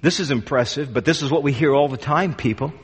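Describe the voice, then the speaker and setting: A man's voice: mid-range voice, fast talker, husky. A man preaching a sermon to his congregation, emphatic and repeating words for force. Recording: long hall reverb.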